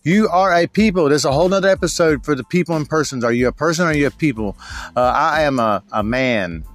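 A man's voice: fairly high pitch, fast. Rambling slangy man with music behind. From United States. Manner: rambling, slangy, keeps saying bro. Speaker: show host. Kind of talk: casual monologue.

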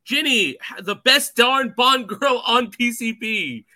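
Bright, lively male podcast host. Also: very high voice. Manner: animated, joking, quick asides. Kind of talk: casual chat.

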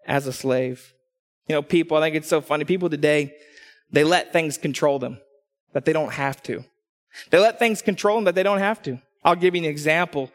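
A man from Texas preaching a sermon as pastor, animated and storytelling, acting out what people say. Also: a little high. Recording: long hall reverb.

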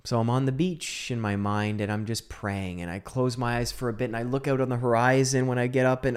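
A man telling a personal story into a microphone, shifting between hushed whispers and emphatic outbursts. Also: mid-range voice, steady tone, brisk, few pauses, clean tone. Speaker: speaker on mental health.

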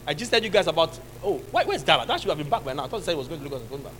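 A Nigerian male pastor delivers a lively sermon in a high, bright voice. His pitch leaps all over as he builds, shouting rebukes at the devil and laughing with his listeners. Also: very fast, slight background noise, poor audio. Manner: animated preaching, shouting at the devil, laughing with the congregation.

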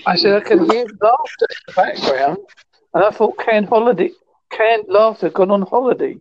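A man's voice: high voice, normal speed, no room sound, dull audio. A man from the United Kingdom chatting online with dry, playful jokes. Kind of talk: casual online voice chat.

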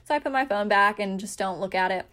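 A woman's voice: mid-range voice, fast talker, a bit bright. A young woman hosting a podcast, telling a story in a chatty, self-mocking way with lots of fillers. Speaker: podcast host. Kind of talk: casual storytelling.

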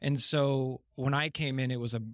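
A man speaking as a guest on a casual podcast, relaxed and often pausing with fillers, close to the microphone. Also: mid-range voice, dry recording. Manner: relaxed with frequent hesitations. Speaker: worship pastor guest. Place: sitting on couches indoors. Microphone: microphone held close on mini tripod.

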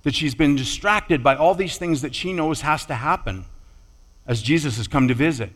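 Measured male preacher in a reverberant hall. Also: a little high. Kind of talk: sermon.

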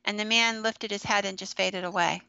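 A woman's voice: mid-range voice, steady tone, normal speed, vocal fry, sharp tone, clean tone, dry recording, lo-fi sound. A woman hosting a podcast, talking confidently and explaining ghost lore in a casual chat. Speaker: podcast host.

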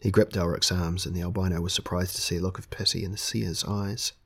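A man reading a fantasy novel aloud in a grave, measured manner. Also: low-pitched, flat delivery, slightly rough. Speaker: audiobook narrator. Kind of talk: scripted fantasy narration.

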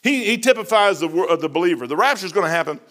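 A middle-aged man preaches informally and weaves in stories from his own life. His voice sits high for a man. He talks in a folksy, emphatic way and keeps throwing in "man.". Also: expressive, fast talker, a bit bright.

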